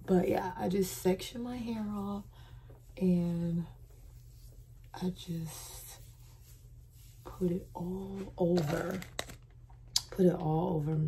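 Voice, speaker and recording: A young woman chatting casually to camera in a beauty vlog, soft and relaxed, with slangy asides. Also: on the low side, slight background noise, rough recording. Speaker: beauty vlogger.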